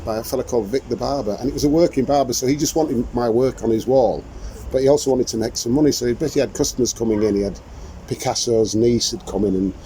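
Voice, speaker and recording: An older man hosts a relaxed outdoor chat, his voice dark and mellow as he wanders through rambling stories and breaks into laughter. A faint wash of outdoor noise sits behind him. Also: mid-range voice, fast talker, rough recording. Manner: rambling anecdotal storyteller, laughs often. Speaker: podcast host. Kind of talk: casual chat. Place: outdoors in the sunshine.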